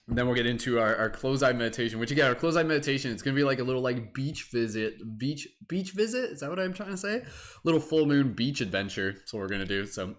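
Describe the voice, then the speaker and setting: A man's voice: medium pitch, a bit bright. A young Canadian man hosting a live-streamed guided meditation, chatty and giggly, with many fillers. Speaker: meditation host.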